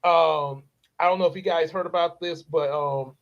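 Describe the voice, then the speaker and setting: A man rambles through a casual story for his channel, laughing often and stopping to act out the characters. His delivery is loose and animated, full of fillers and restarts. The recording is muffled and lo-fi. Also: on the high side, moderate pace. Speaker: channel host.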